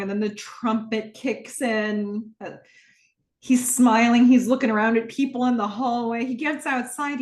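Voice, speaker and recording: A woman hosting a podcast, retelling a TV episode scene by scene in a lively, laughing way. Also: on the high side. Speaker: podcast host. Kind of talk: casual episode recap. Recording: roomy echo.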